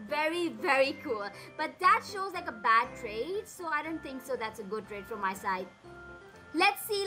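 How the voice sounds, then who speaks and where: Excitable high-voiced woman gaming host. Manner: excitable, gasping and exclaiming. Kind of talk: excited gameplay commentary.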